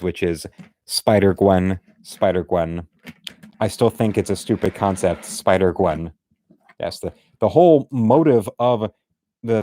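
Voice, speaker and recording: A man's voice: fairly low pitch, darkish tone, no echo, studio quality. A man giving rambling, casual commentary while drawing, with many restarts and muttered asides. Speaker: artist streaming a drawing session.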